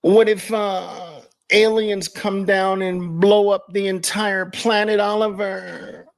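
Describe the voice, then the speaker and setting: A man putting on the voice of a whiny, crying male doubter who pleads in a drawn-out way. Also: high-pitched, flat delivery, creaky, voice pushed up, full character voice. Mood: whiny pleading.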